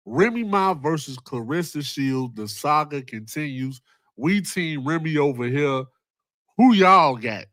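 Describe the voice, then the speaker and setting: A man hosting a casual commentary vlog, excitable and profane, often repeating himself. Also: medium pitch, normal speed, no room sound, studio quality. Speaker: host.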